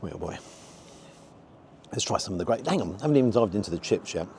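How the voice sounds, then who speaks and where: A man's voice: lowish voice, expressive, quick pace, a little mellow, a little hiss or hum. A man giving a frank, disappointed running commentary as he tastes food outdoors for his review vlog.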